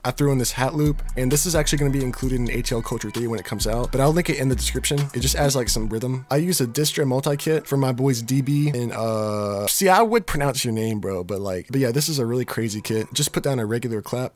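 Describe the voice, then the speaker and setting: A man's voice: mid-range voice, quick pace, hardly any pauses. Laid-back young man over beat music. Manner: laid-back, filler-heavy slang. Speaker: beat-making tutorial host. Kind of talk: casual screen-recorded tutorial. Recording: music playing clearly behind voice.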